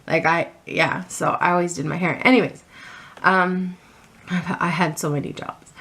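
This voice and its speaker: A middle-aged woman telling a personal story on her vlog, animated and a little flustered, with many restarts. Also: fairly low pitch, moderate pace, husky. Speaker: vlogger.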